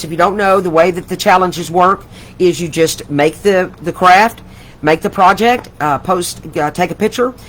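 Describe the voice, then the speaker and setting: Chatty and affectionate to the point of gushing, an older woman rambles through a live craft session from her home. She has a lowish voice, and the low-quality recording has a bit of hiss or hum.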